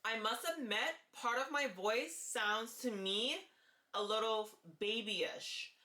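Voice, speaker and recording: A woman speaks to her camera in a casual vlog. Her voice is light, bright and placed forward. She talks slowly and earnestly and circles back to repeat her main points, and the room around her adds a noticeable echo. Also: on the high side. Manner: earnest and deliberate, repeats key phrases. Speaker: vlogger sharing voice therapy progress.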